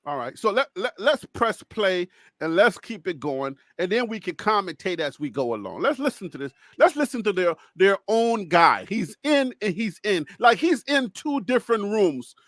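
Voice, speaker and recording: A man hosting a casual sports reaction talk, animated and excitable, laughing often. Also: sits high, moderate pace, no room sound, clean studio sound. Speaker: host.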